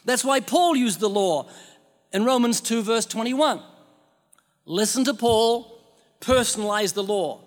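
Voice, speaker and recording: Preacher, male, higher register, emphatic sermon delivery with a long hall echo. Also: measured pace, pauses often. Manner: emphatic, uses rhetorical questions.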